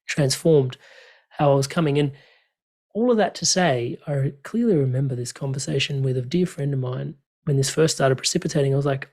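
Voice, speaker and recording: A man, speaking openly and earnestly in a relaxed conversation, with many fillers and restarts. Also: mid-range voice, brisk. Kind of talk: reflective conversational chat.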